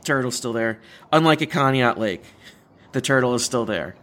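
A young man hosts a casual chat podcast. He rambles, corrects himself mid-sentence and laughs often at his own stories. His voice sits at a middling pitch. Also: expressive, moderate pace, fairly bright tone. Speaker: podcast host.

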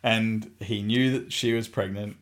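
A young man with a lowish voice recounts a personal story on a podcast. He is animated and loose, swears without a second thought, and breaks into laughter as he talks. The delivery is casual chat between friends. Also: measured pace. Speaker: podcast host.

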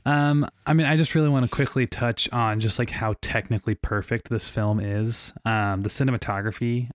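A man in his late twenties co-hosting a podcast, reviewing a film in a relaxed, upbeat way with many pauses to think. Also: fairly low pitch, no echo, studio quality. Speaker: podcast co-host. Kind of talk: casual film review chat.

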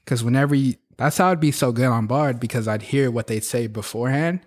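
A man's voice: medium pitch, a little fast, darkish tone. A young man chatting casually about his old barista job, laughing and mimicking coworkers and customers. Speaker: former coffee shop barista. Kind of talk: casual chat.

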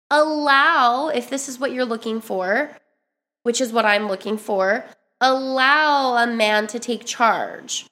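Young woman vlogger with a slightly high, chatty voice, casual and animated. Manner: chatty, animated, lots of fillers. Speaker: dating advice vlogger. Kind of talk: casual advice monologue.

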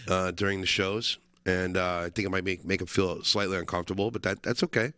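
A man's voice: deep voice, steady tone, brisk, sharp tone, dry recording. A man co-hosting a casual talk show, telling loose, rambling stories and swearing casually. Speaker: co-host. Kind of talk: casual chat.

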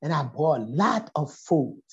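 A woman's voice: sits low, measured pace. A middle-aged woman from Liberia with a Liberian accent, a poet telling a story as a guest in a conversation and acting out the voices in it. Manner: animated, acts out voices in her stories. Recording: dull lo-fi audio.

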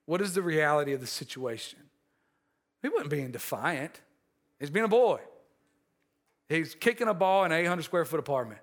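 A man preaching a sermon, telling a personal story with many restarts and repeated words, moving between animated and quiet, earnest passages. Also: a little high, normal speed, long pauses. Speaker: pastor.

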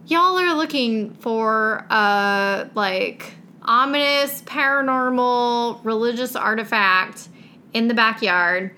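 A woman co-hosting a podcast, her voice bright and a touch high. She pokes sarcastic fun at a book in loose, casual talk. A faint hum of noise sits underneath. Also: takes it slowly. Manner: sarcastic, reads passages in mocking voices. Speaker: podcast co-host. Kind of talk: casual chat reviewing a book.

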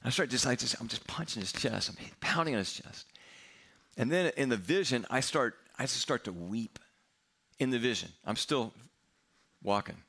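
A middle-aged male pastor telling a personal story in a sermon, candid and self-mocking with quick humor. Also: mid-range voice, lively intonation, vocal fry, bright, forceful tone, slightly rough.

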